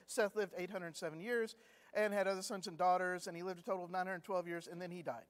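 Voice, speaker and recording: Male Bible class teacher, high-pitched, conversational and humorous storyteller, church room with long reverb. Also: a little fast. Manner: chatty storyteller acting out anecdotes with humor.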